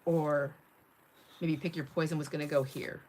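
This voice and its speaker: A woman's voice: sits low, steady tone, moderate pace, a little mellow, slight background noise. A middle-aged woman hosting a casual craft livestream, chatting, laughing often and reading viewer comments aloud while she works. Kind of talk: casual live-stream chat while crafting.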